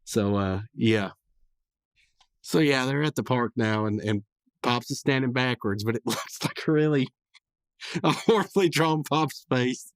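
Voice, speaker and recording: A man's voice: medium pitch, a little slow, no room sound, clean studio sound. A man hosting a casual podcast, rambling through a cartoon episode recap with frequent chuckles and fillers.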